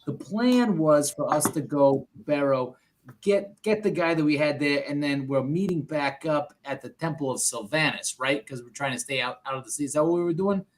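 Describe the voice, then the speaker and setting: A man's voice: fairly high pitch, normal speed. Rambling man at a game table. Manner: rambling, joking. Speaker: player. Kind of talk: casual tabletop game chat.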